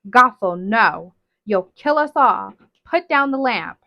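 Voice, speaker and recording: A woman voicing a cruel, possessive witch mother who threatens and commands loudly, on a dull, dry recording. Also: fairly high pitch, lively intonation, moderate pace, no room sound. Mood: furious.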